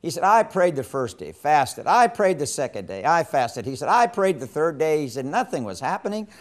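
A man teaching a session on evangelism in a sermon style, telling a story with strong emphasis and dropping to hushed tones when quoting. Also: fairly high pitch, sing-song, normal speed. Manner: impassioned, swings from loud emphasis to hushed quoting.

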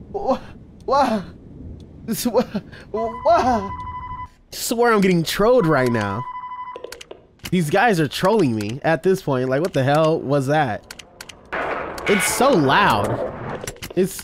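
Male game streamer, casual, laughs a lot, jumpy lively pitch, bursts into yelling. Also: slight background noise. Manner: loud excited outbursts and trash talk; laughs often. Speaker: gaming streamer. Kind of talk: casual let's-play commentary.

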